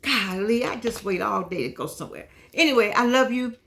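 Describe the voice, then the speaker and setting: Chatty older woman, slightly high voice. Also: brisk, vocal fry. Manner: lively, chatty, affectionate, wandering asides. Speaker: vlogger. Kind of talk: casual chat to viewers.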